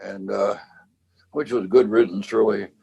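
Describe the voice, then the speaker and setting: A very old man reminisces about his band in a relaxed interview. His low voice is gravelly and husky. He rambles, stops and restarts his sentences as he tells his stories. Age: 90s. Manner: rambling, halting storyteller with many restarts. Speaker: bandleader and cornet player.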